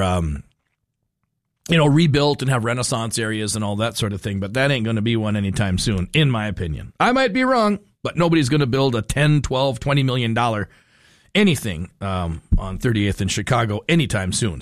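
A man's voice: mid-range voice, no room sound. A man hosting a talk radio show in a studio, joking and rambling with loose restarts. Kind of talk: casual talk radio banter. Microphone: studio microphone.

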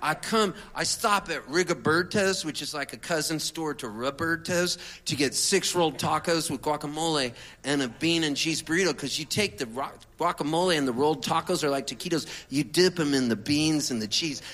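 A man, a singer-songwriter, telling a comic story in an animated, chatty way with laid-back surfer slang. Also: on the high side, normal speed, few pauses.

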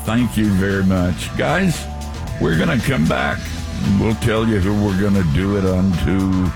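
A man's voice: lowish voice, expressive, a little slow, vocal fry, music in the background. A male talk show host closing the segment, joking with the guest.

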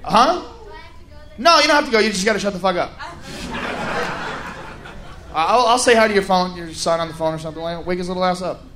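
A man stand-up comedian doing crude, loud banter with the audience. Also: high voice, a little fast, long pauses. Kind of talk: crowd work. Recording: live venue with crowd and noise.

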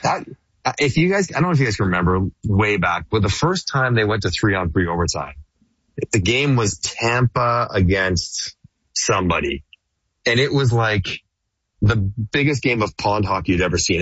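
A middle-aged man, a hockey broadcaster, chatting casually on sports radio, animated and laughing easily with rambling restarts. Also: on the low side, normal speed, breathy edge, dry recording, muffled recording. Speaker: hockey play-by-play broadcaster guest.

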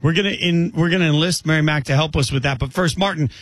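A man's voice: on the high side, fast talker, very noisy. A man hosting a sports radio show, joking and chatty, with some hesitant restarts. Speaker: radio host. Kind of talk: casual sports radio talk.

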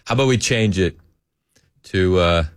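A man's voice: deep voice, normal speed, clean tone, no echo, studio quality. A man, hosting a talk radio show in a chatty, joking way with frequent laughter.

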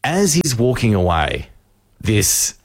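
A man, co-hosting a radio show and telling an animated story, acting out the people in it. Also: fairly low pitch, slow, no echo, clean studio sound. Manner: animated storyteller, acts out voices. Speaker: radio co-host.

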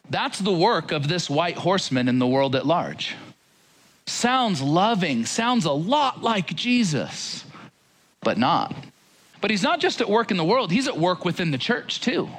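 Animated, lively-pitched male preacher. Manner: animated, conversational, direct address. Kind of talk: sermon.

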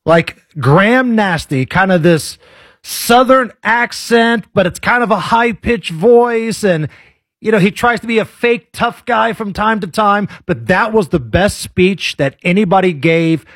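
Male talk host, blunt and opinionated, high-ish husky voice, dry close sound. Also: animated, a little slow, fairly bright tone, dry recording. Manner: blunt, conversational. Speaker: political talk show host. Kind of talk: opinionated commentary.

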